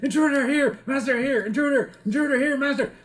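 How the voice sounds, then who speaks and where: Figure: a growly guard dog. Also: male voice, very high voice, brisk, voice pushed up. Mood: alarmed shouting. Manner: shouts short barking phrases over and over. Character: growly talking guard dog, excitable, simple-minded. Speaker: game master voicing a creature.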